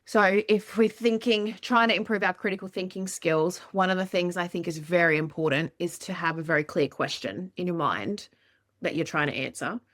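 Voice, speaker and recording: A woman's voice: on the low side, normal speed, a bit bright, dry recording, studio quality. A woman with an Australian accent hosting a podcast, talking casually and poking fun at herself, now and then swearing offhandedly. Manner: chatty and self-mocking, swears casually. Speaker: podcast host.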